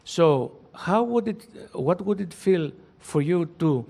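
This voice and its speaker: Greek-accented male journalist, gravelly, slightly high, formal questioner. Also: lively intonation, slow, darkish tone. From Greece. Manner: formal, carefully worded question. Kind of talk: press conference question. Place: press conference room.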